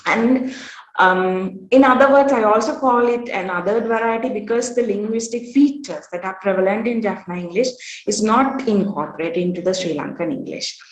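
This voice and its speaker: Woman lecturing in a roomy echo. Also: mid-range voice. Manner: measured, with frequent "uh" pauses. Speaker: conference workshop presenter. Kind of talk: academic lecture presentation.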